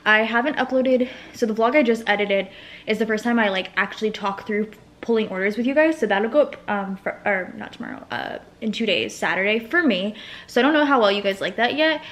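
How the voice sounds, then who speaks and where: A woman's voice: mid-range voice, fairly quick, a bit bright. Chatty young woman vlogging at home. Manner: rambling, frequent "like" and "um" fillers. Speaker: small business owner and vlogger. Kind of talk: casual chatty vlog narration.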